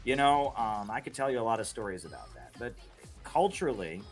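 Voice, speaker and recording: This man streams casually, answering viewer questions with a rambling delivery full of restarts plus plenty of "right?" and "you know." He speaks briskly and expressively at a medium pitch, with faint music behind him.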